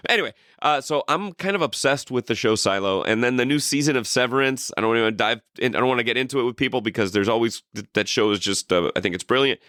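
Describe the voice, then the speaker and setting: Male podcast co-host: bright, dry sound, rambling and profane. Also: medium pitch, fast talker, hardly any pauses, dry recording. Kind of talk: casual chat.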